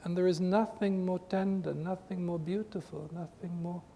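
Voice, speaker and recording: A man giving an earnest spiritual talk to a group, with emphatic, repetitive phrasing, recorded in a reverberant hall with a faint rumble. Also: steady tone, normal speed, gravelly, warm tone. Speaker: spiritual teacher.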